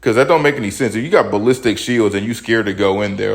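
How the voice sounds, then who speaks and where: A man's voice: lowish voice, quick pace. A young man hosting his own opinion podcast, ranting bluntly and profanely about the news, a little out of breath. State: slightly out of breath. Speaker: podcast host. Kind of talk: casual opinion commentary.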